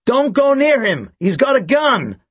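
A jittery middle-aged woman who manages a bank , as a male reader puts her on, pitched up high and tight with alarm. The voice stays husky and the recording is dry. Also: wildly swooping pitch, a little slow, a little mellow, dry recording, full character voice.

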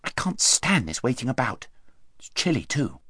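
A man voicing an eager, restless young prince in a storybook reading, speaking low and impatiently. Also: fast, dry recording, studio quality, close to an everyday voice.

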